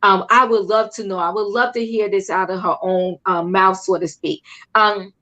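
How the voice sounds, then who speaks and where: A woman's voice: mid-range voice, fairly even intonation, normal speed, bright, forceful tone. A woman hosting a casual recap chat, chatty and emphatic, often repeating herself. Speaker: host.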